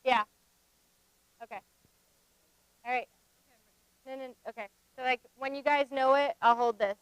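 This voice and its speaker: A woman facilitating a workshop, running a group acting game with brisk, directive instructions. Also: sits high, steady tone, clean tone, dry recording.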